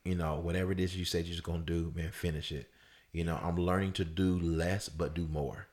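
A man in casual conversation telling a personal story, loose and full of fillers, his voice leaping high when he acts out people shouting. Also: fairly quick. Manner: animated storyteller, voice jumps up high for quoted shouts. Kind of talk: casual chat.

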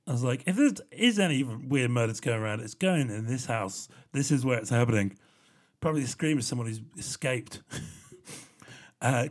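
A young man telling rambling personal stories in a casual solo vlog, animated and quick to swear and laugh. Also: medium pitch. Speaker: vlogger.

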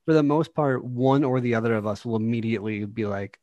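Homem descontraído em conversa casual. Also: male voice, medium pitch, fairly quick, no room sound. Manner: relaxed, rambling, laughs often. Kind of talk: casual chat about a video game.

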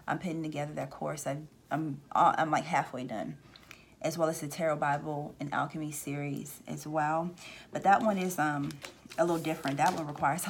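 A woman's voice: low-pitched, a little hiss or hum. A woman hosting a casual spiritual talk, rambling with restarts and acting out voices she says she hears. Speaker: spiritual reader and channel host.

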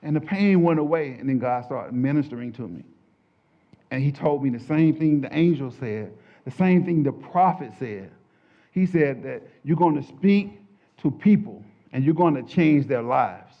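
A man's voice: medium pitch, animated, moderate pace. Older man telling a dramatic testimony. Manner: dramatic storytelling, swings between hushed and loud. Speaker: testimony speaker. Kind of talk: emotional spoken testimony. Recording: dull lo-fi recording.

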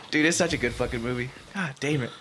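A man chatting on a podcast in a loose, profane, rambling way that gets excitable. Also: medium pitch, fast talker, slight background noise. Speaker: podcast co-host. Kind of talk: casual chat.

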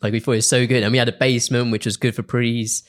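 A man in his twenties hosting a casual podcast, relaxed, asking his guest questions. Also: medium pitch, quick pace. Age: 20s. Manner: relaxed, asks the questions, slips into a put-on announcer voice for intros. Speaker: podcast host. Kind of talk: casual chat.

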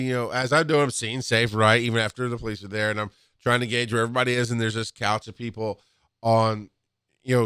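A man who used to be a paramedic tells work stories in a casual, animated way, with laughs and acted-out quotes. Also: clean tone, no room sound, studio quality. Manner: animated, acts out quotes with rising pitch and laughs. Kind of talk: casual storytelling monologue.

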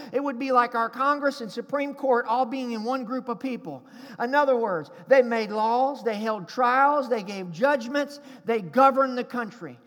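A man's voice: very high voice, a bit bright, big-room sound. A pastor preaching a sermon to his congregation in a church, emphatic and calling for responses.

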